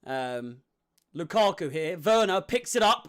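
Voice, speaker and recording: A young man hosting a live football watch-along, chatting with viewers and getting excitable at chances. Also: sits high, normal speed. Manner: excitable, shouts and laughs at chances. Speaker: fan watch-along host.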